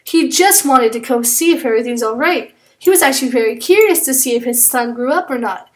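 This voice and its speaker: A woman with a fairly high voice tells a story off the cuff while she draws. She rambles, fills pauses with "uh", and keeps restarting her sentences as she goes. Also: lively intonation. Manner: rambling, frequent fillers and self-corrections. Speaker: drawing channel creator. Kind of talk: casual improvised storytelling while drawing.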